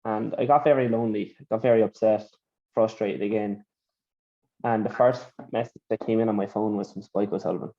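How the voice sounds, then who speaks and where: A man's voice: lowish voice, fairly even intonation, fairly quick, lo-fi sound. A young Irish man, a boxer, telling stories from his career in a rambling, casual interview manner. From Ireland. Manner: rambling, repeats phrases, says "do you know what I mean".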